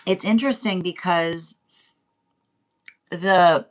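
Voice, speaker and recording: Woman doing a tarot reading, lots of like and um, keeps restarting her sentences. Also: fairly low pitch. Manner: halting, repeats words, many fillers; grows animated and laughing. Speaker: tarot reader. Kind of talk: spoken intuitive reading.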